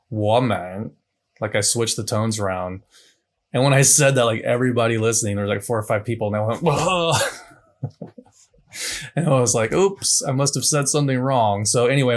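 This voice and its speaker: A man gives a relaxed, unscripted talk about pronunciation practice. He speaks at a middle pitch and keeps it conversational, often restarting a sentence and adding side remarks. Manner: loose and conversational, many restarts and asides. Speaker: language teacher. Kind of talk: casual unscripted teaching talk.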